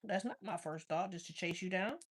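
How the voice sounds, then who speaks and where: A woman chatting casually with viewers as a tarot reader, telling stories in a blunt, profane, animated way. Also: fairly low pitch, brisk. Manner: blunt, profane, animated storytelling with frequent laughs. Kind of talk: casual live-stream chat.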